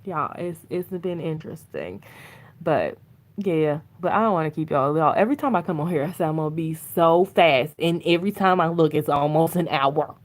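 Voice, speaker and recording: A woman's voice: deep voice, animated, moderate pace. A woman vlogger chatting to viewers over her phone, telling stories and laughing often. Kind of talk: casual chat to viewers on a phone stream.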